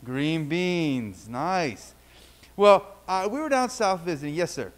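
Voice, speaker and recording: A man's voice: on the high side, animated, slow. A man leading a children's story in church, playfully asking the kids questions and telling a story. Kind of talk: children's sermon. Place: church sanctuary.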